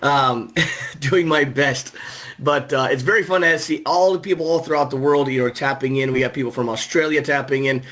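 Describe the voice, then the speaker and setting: A man's voice: medium pitch, steady tone, fairly quick, a bit bright. A man hosting a weekly training conference call, enthusiastic and loose, with many fillers and restarts. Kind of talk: upbeat sales call hosting.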